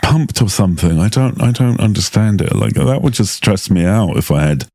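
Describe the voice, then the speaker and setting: A middle-aged man co-hosting a casual podcast, agreeable and unhurried, searching for words with many fillers. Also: fairly low pitch, lively intonation, mellow, dry recording, clean studio sound. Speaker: podcast co-host.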